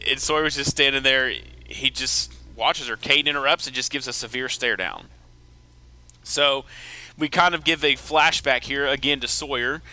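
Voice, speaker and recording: A man with an extremely bright, ringing voice hosts a casual podcast, retelling an episode scene by scene. He restarts his sentences, breaks into quick laughs and keeps a loose, conversational flow. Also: mid-range voice, low-quality recording. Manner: chatty storyteller who laughs often and restarts sentences. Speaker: podcast host.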